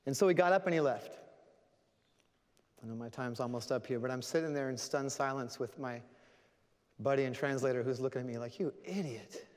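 A man's voice: mid-range voice, fairly quick, long pauses. A man preaching a sermon, telling a story earnestly and closing in prayer. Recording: long hall reverb.

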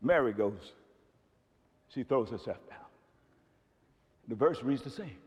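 A male pastor preaching a sermon, moving from quiet storytelling into shouted, emphatic passages. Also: mid-range voice, animated, measured pace, long pauses. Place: church sanctuary. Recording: long reverb of a church hall.

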